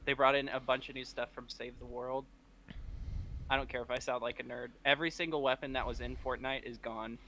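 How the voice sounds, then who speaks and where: Young male co-host, bright forceful tone, playful banter, slight background hiss. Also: mid-range voice, steady tone, rough recording. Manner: teasing, quick to laugh. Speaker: podcast co-host. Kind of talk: casual podcast banter.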